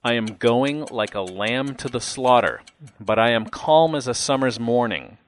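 A man reading as a calm condemned man. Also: mid-range voice, a little slow, natural voice. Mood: solemn. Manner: solemn, calm.

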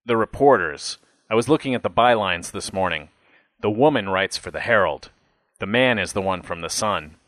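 A man's voice: fairly low pitch, lively intonation, moderate pace, a bit bright, no echo. A man voicing a mild-mannered, observant father speaking matter-of-factly.

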